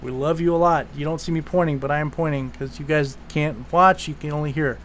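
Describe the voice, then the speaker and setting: A man's voice: fairly high pitch, fairly even intonation, fairly quick, fairly bright tone, a little hiss or hum. A man hosting a podcast, talking in a rambling, casual way with swearing and restarts. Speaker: podcast host.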